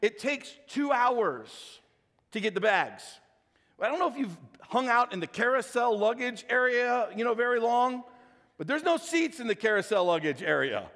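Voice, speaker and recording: A man's voice: very high-pitched, normal speed, big-room sound. A middle-aged man, a pastor, telling a joking personal story in his sermon and talking straight to the congregation. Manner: animated, jokey, talks straight to the congregation. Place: church sanctuary.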